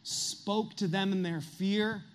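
A man's voice: high-pitched, steady tone, slow. A middle-aged man preaching a sermon as pastor, earnest and confessional, building to emphatic peaks.

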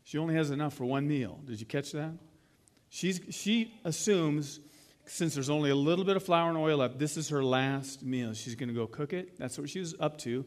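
A man's voice: on the high side, normal speed, a little mellow, big-room sound. A man preaching a sermon in a conversational way, retelling a scene and asking the listeners rhetorical questions. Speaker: pastor.

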